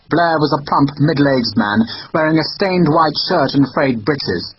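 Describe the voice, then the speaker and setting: A man narrating an audiobook in an expressive storytelling manner. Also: a little high, a little slow, hardly any pauses, husky. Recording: dull lo-fi recording.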